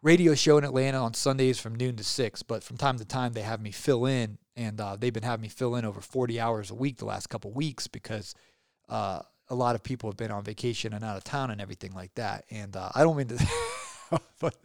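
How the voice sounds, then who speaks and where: A man's voice: medium pitch, fairly quick, gravelly, no echo. A middle-aged man hosting his podcast, talking in a rambling, upbeat, casual way with lots of fillers, close to the mic. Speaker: podcast host. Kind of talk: casual solo podcast outro.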